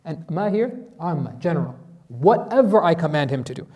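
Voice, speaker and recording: A man's voice: fairly high pitch, very animated, moderate pace, mellow. A man teaching a Quran lesson as an imam, asking his class questions and reciting Arabic verses.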